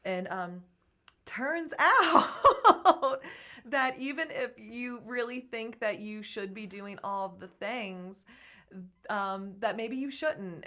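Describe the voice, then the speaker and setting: Femme bavarde au timbre très clair. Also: female voice, medium pitch, a bit bright. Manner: chatty, candid, laughs often. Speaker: podcast guest, gym co-owner. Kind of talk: casual interview chat.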